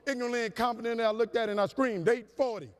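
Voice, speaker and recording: High-voiced man telling stories in a big hall. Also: very fast, clear, resonant tone. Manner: animated, humorous, preacher-like cadence. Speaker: motivational speaker. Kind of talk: storytelling keynote speech. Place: large conference hall. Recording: long hall reverb.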